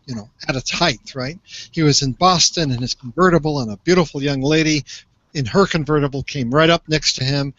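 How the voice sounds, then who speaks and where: A man's voice: fairly high pitch, fairly bright tone, no echo. Older man, muffled, explaining earnestly. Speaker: social media commentator. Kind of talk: conversational discussion. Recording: slightly muffled lo-fi.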